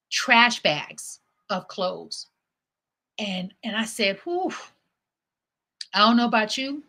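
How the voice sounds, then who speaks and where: Bright, chatty woman telling stories. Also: mid-range voice. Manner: chatty, lively storyteller who acts out quotes. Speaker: host. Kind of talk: casual storytelling livestream.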